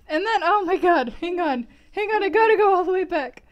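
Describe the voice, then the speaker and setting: A woman's voice: very high-pitched, animated, moderate pace, lo-fi sound. A woman livestreaming, giggling and gushing as she thanks viewers and reads out long lists of names.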